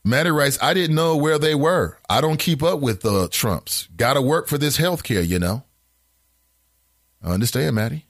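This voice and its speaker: A man's voice: medium pitch, normal speed, dry recording, clean studio sound. A man hosting a casual call-in show, reading listener comments aloud and reacting with incredulous asides. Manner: animated, incredulous asides with laughs; reads comments aloud in a flatter tone.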